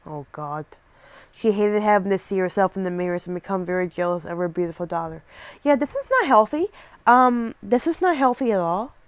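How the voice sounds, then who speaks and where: A woman's voice: medium pitch, expressive, a little fast, dry recording. A young woman reading a scary story aloud and breaking off for casual, rambling asides, often stumbling over words.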